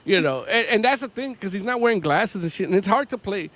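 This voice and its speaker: A man's voice: high-pitched, lively intonation, brisk, a bit bright. Casual, laughing male podcast host. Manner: loose, profane, laughs often while talking. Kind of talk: casual chat.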